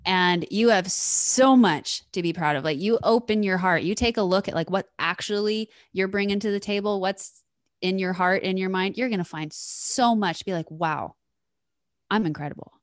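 A woman's voice: mid-range voice, moderate pace, no room sound, studio quality. A woman hosting a podcast in casual chat, talking in an encouraging way and laughing easily. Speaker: podcast host. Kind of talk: casual chat, motivational wrap-up.

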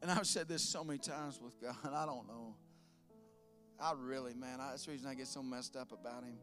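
A man preaching a sermon as pastor, swinging between loud preaching and soft asides, with laughs. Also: mid-range voice, fairly even intonation, a little fast, music in the background.

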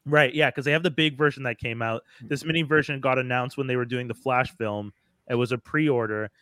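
Bright-voiced man chatting casually. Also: medium pitch, steady tone, fairly quick, no echo, clean studio sound. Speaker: podcast co-host. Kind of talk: casual chat.

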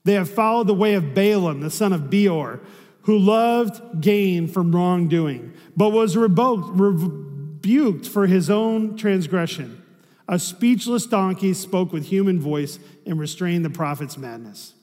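A man's voice: high voice, expressive, measured pace, darkish tone, in a large hall. A man preaching a sermon as a pastor, in a conversational way, often asking rhetorical questions.

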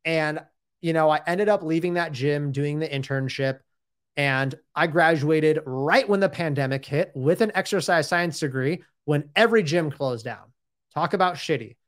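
A man's voice: on the high side, normal speed. A man in his thirties telling his own story in a casual, rambling and candid way, often saying "dude" and "like".

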